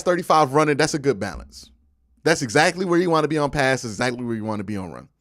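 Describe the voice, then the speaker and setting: A young man talks straight into a close microphone on his live stream, animated and argumentative as he answers his viewers' messages. His voice swings up and down a great deal. The sound is dry, with no room around it. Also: medium pitch, no room sound. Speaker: host of a live football post-game stream. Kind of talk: casual live-stream commentary.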